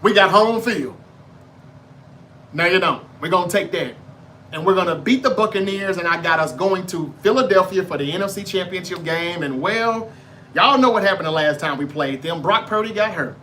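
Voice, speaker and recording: A man's voice: high-pitched, lively intonation, normal speed, pushed and bright, slight background noise. A man hosting a sports debate show, giving football predictions in a brash, profane, trash-talking monologue.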